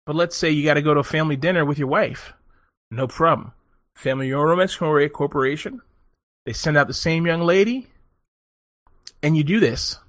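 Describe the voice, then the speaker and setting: A man with a slightly high voice spins a long story in loose, profane chat, laughing often and acting out the people in it. The sound is dry and close, with no room around it. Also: normal speed, long pauses, fairly bright tone, no room sound. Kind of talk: casual chat.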